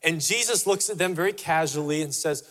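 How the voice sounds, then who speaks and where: Man, pastor, sermon, emphatic, repeats phrases, fairly high voice, long hall reverb. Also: brisk, fairly bright tone. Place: church sanctuary.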